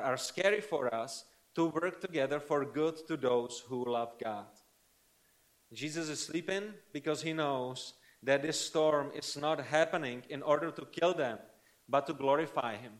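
A male preacher delivering a sermon in an earnest, conversational style. His voice sits a little high for a man. He often checks in with the listeners with quick tag questions.

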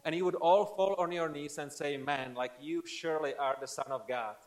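A preacher doing a calm male teacher in a sermon retelling. He lays out what will happen in a casual, matter-of-fact way. His voice sits a little high for a man. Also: normal speed, close to an everyday voice.

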